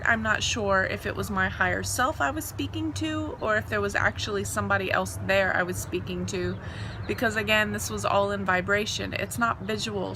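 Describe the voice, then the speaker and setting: A woman's voice: medium pitch, background noise. A woman earnestly describing her own near-death experience in a reflective, explanatory way. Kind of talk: reflective personal storytelling.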